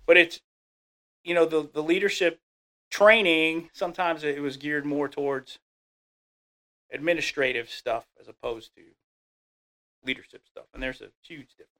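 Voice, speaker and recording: Middle-aged guy chatting about leadership, slightly higher voice, acts out quotes. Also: steady tone, normal speed, long pauses, sharp tone. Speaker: guest speaking on leadership. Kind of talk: casual conversation.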